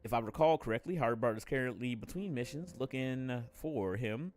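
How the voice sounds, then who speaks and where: A man reading aloud as a composed male video game character who briefs an adventurer in formal, measured speech. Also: mid-range voice, lively intonation, a little mellow, natural voice. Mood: solemn.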